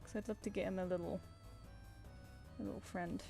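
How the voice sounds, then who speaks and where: Faint music plays behind an English woman with a Southern English accent who streams her drawing and casual chat from a home flat she shares with a cat. Her mid-range voice is gravelly and dark, steady in tone and fairly quick, and she rambles, often restarting sentences.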